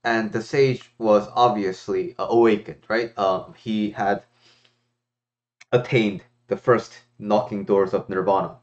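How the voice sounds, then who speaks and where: A man's voice: on the low side, slow pace, lo-fi sound. A man who is a life coach, talking thoughtfully to a viewer in a casual, reflective way. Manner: thoughtful, lots of fillers and restarts, expressive. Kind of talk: casual reflective talk to camera.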